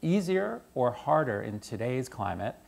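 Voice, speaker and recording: A man moderating an onstage interview, asking measured questions with brief affirmations. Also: mid-range voice, big pitch swings, vocal fry, a little mellow.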